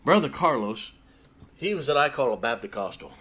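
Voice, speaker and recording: A man preaching, telling a personal story with emotion and dropping his voice low in tender moments. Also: big pitch swings, fairly quick, a bit bright. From Ohio. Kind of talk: sermon storytelling.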